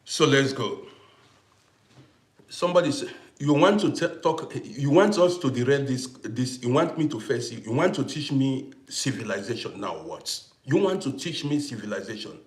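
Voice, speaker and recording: A young man talking forcefully to viewers in a casual livestream and thanking them for gifts. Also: medium pitch, expressive, moderate pace, echoey room. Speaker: live stream host.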